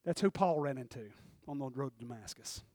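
A man preaching a fervent sermon, moving between loud shouted peaks and quiet, confiding asides. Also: medium pitch, animated, a little fast, no echo, clean studio sound. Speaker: pastor.

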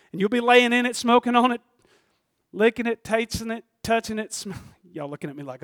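A man preaching a sermon in a fervent, folksy way, moving between loud outbursts and hushed asides and chuckling often. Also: extremely high pitch, a little fast, no room sound, studio quality.

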